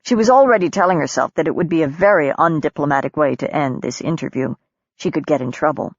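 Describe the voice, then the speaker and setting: A woman narrating an audiobook in a measured, steady storytelling voice. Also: deep voice, dry recording, muffled recording. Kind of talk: scripted narration.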